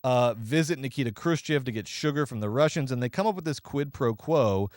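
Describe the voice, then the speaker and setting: A man co-hosting a movie podcast, riffing sarcastically and quickly through a review. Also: medium pitch, no echo, studio quality. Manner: sarcastic, animated, rapid riffing. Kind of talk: casual movie review chat.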